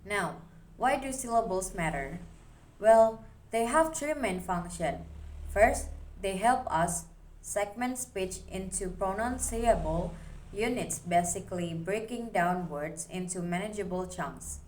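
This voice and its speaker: A young woman student giving a recorded class presentation, explaining steadily as she reads through her slides. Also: mid-range voice.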